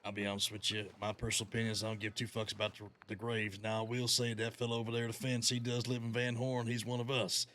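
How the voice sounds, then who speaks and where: A man plays a commanding western outlaw boss in role-play. He talks in a folksy, cursing drawl at a middle pitch. A faint hum sits under the headset recording. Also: little pitch movement, fast talker, hardly any pauses, fairly bright tone. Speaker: gang leader in role-play.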